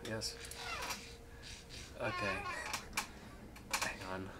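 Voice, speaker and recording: A young man hosts a casual game stream, rambling through stories as he plays. He talks slowly, with a bright, forward tone, and laughs easily. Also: fairly low pitch, fairly even intonation, slight background noise.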